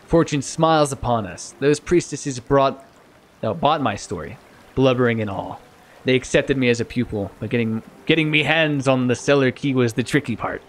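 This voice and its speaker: A man's voice: mid-range voice, moderate pace, a little hiss or hum, close to an everyday voice. Man putting on a scheming pirate-talking thief. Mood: sly. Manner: mock pirate voice while reading a letter aloud.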